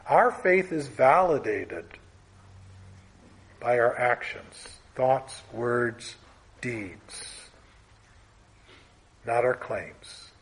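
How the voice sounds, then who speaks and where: A man preaching a sermon in a measured, emphatic way, letting his voice fall away softly at the end of phrases. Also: medium pitch, slightly rough.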